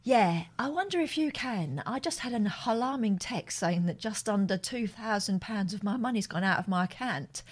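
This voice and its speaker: A woman's voice: medium pitch, lively intonation, moderate pace, few pauses, pitched below the performer's own voice, close to an everyday voice. A woman playing a panicky new dad on a bank call. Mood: polite. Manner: panicky and pleading. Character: anxious male bank customer, new father. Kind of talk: comedy sketch phone call.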